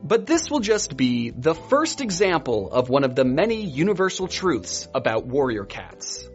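A man giving a wry, sarcastic, animated comedic book recap as a YouTuber. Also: fairly high pitch, normal speed, highs cut off, faint music behind.

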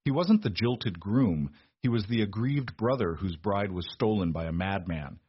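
A man narrating an audiobook in an even, measured storytelling manner. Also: fairly low pitch, highs cut off, a little hiss or hum.

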